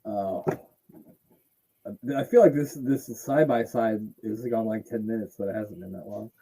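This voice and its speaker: A man's voice: lowish voice, measured pace, dark tone, a little hiss or hum, low-quality recording. A man hosting a casual wrestling podcast, joking around, swearing a lot and riffing on the footage. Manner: joking, profane, riffs in funny voices. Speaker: podcast host. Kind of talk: casual chat.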